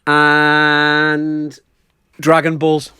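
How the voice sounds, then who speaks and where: A man's voice: a little high, completely flat delivery, extremely slow, pushed and bright, smooth, no room sound, clean studio sound. A man co-hosting a casual podcast chat, telling anecdotes and teasing his co-host with plenty of swearing.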